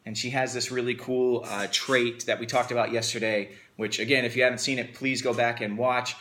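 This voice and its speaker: A man's voice: medium pitch, little pitch movement, fairly quick, pushed and bright. A man hosting a casual unboxing video, talking with upbeat enthusiasm. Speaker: host.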